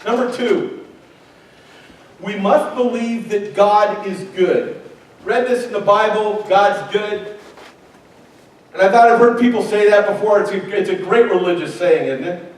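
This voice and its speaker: Man, pastor, sermon, high voice, joking and conversational, strong echo, distant mic, faint noise. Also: normal speed. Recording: very echoey hall from far off, faint noise.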